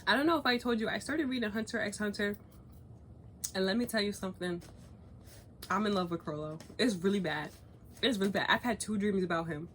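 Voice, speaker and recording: A young woman vlogging in casual chat, animated, swearing freely and laughing often as she rambles. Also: medium pitch, a little fast, pauses often, a little hiss or hum. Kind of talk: casual chat, cookie review and gossip.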